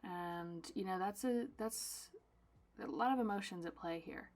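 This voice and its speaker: Packing up her own orders, a young woman artist talks casually to her vlog audience in an unhurried, mid-range voice. She's theatrical and pokes fun at herself, alternating loud outbursts with quiet asides.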